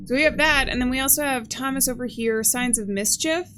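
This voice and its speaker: A woman hosting a let's play, chatting casually and thinking aloud as she plays, with excitable gasps. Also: high voice, fairly quick. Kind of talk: casual gameplay commentary. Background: game music.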